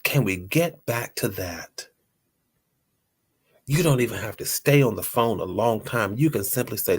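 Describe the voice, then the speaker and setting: A man's voice: on the low side, animated, a little slow, slightly rough. A man hosting a motivational talk, earnest and repeating his phrases for emphasis. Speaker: host.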